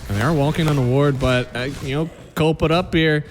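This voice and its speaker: Excitable man casting esports play-by-play. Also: fairly high pitch, a little hiss or hum. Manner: quick, excitable play-by-play, relaxed analysis between fights. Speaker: esports caster. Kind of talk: live esports play-by-play commentary.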